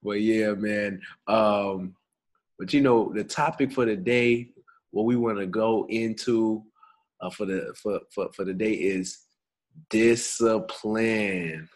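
A young man with a low, husky voice talks through a podcast topic in relaxed, slangy chat. He chuckles easily and keeps it loose and friendly. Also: a little slow, low-quality recording. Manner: laid-back, slangy and chuckling. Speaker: podcast co-host.

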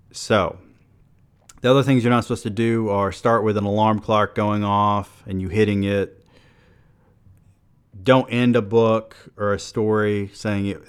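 A man with a fairly low voice reads his literary essay on a podcast. He is measured and analytical, and he breaks in with dry, offhand asides. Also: clean tone. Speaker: podcast host. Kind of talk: reading his essay aloud with commentary.

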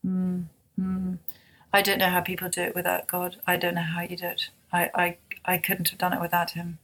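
A woman author, speaking softly and haltingly as a guest in an emotional interview conversation. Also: lowish voice, monotone. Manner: soft-spoken, halting with many restarts.

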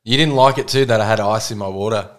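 A man's voice: lowish voice, fast. A man co-hosting a podcast, teasing his co-host in casual banter and laughing often.

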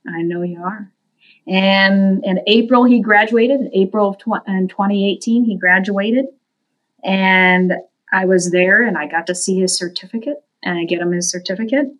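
A woman telling a story as a guest in an interview, in an earnest, unhurried way, livening it up when she quotes people. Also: low-quality recording. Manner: animated, voices the people in her story with big pitch jumps. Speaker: guest from a veterans' services group.

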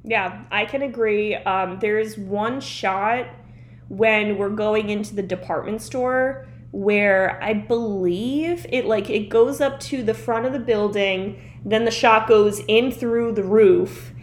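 A woman's voice: mid-range voice, takes it slowly. Young woman on a podcast, rambly casual chat, laughs a lot, says like constantly. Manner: chatty, laughing, rambling with many likes. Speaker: podcast co-host.

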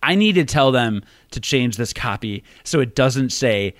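A man co-hosting a casual podcast, full of quick, joking asides about the show. His voice is recorded very close and dry, with no room sound. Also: mid-range voice, animated, no echo. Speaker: podcast co-host.

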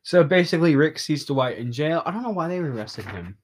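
Rambling, excitable young man. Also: a little high, a little fast, breathy edge. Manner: rambling and excitable, many fillers and restarts; openly emotional. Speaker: podcast host. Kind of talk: casual podcast recap of a comic.

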